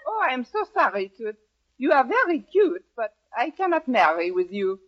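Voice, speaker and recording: An actress playing a flirty, glamorous French poodle with a put-on French accent, in 1940s radio comedy acting. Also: female voice, on the high side, very animated, moderate pace. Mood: coquettish. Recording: dull, very hissy 1940s radio broadcast.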